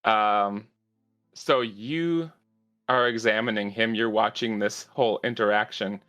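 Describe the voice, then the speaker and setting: A man narrating a tabletop game as game master, measured and halting with fillers. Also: fairly low pitch, a bit bright, smooth, lo-fi sound.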